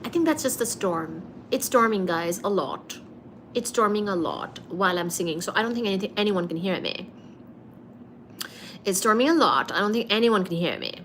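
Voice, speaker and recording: A woman hosting a casual livestream, reading out and thanking viewers' comments, with frequent laughs and throat-clearing. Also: mid-range voice, animated, moderate pace, a bit bright, slight background noise. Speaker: livestream host.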